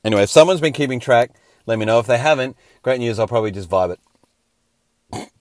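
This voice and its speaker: A man's voice: medium pitch, expressive, fast talker, no room sound, clean studio sound. A man hosting a casual sports round-up, a little scratchy and hungover, with wry joking asides. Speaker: host.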